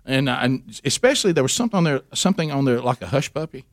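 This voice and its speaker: A man's voice: medium pitch, fast, a little hiss or hum. A middle-aged man co-hosting a radio show, telling a long story in casual chat and acting out the voices of the people in it. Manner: animated, acts out voices in his story.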